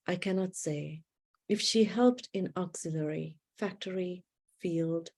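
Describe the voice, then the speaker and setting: Woman poet, unhurried live poetry reading, warm low voice, measured pauses, video-call audio. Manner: measured, deliberate phrasing with long pauses. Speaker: poet reading her work. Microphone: video call setup.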